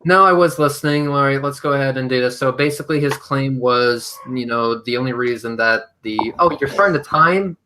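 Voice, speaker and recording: A man's voice: medium pitch, brisk, hardly any pauses, sharp tone, slight background noise. A man chatting casually in a group, profane and exasperated as he bickers over claims. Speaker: panel participant debunking claims.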